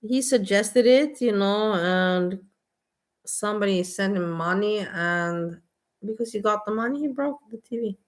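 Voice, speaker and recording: A woman's voice: mid-range voice, measured pace. Blunt ranting woman vlogger. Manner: blunt, exasperated, repetitive. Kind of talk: casual ranting monologue.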